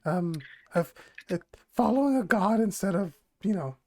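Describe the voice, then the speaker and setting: A game master voicing a shy goblin woman, a former scholar turned worshipper, who speaks slowly and haltingly. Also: medium pitch, animated, a little mellow, lightly acted. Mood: hesitant. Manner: slow, halting, full of ums.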